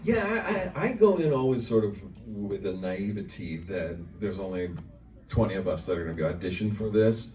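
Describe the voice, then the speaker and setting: Man voice actor, low warm tone, encouraging panelist, roomy distant sound. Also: lively intonation, moderate pace. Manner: earnest, encouraging advice giver. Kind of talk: convention panel Q&A. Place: convention panel room. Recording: echoey room, voice far from mic.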